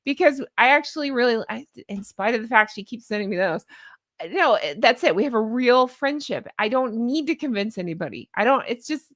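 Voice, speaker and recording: A chatty woman hosting a livestream, her voice rising and falling a great deal and sitting a little high. The sound is dry and close. She jokes and greets viewers as she goes. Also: fairly bright tone, no echo. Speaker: host of a commentary channel. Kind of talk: casual livestream chat.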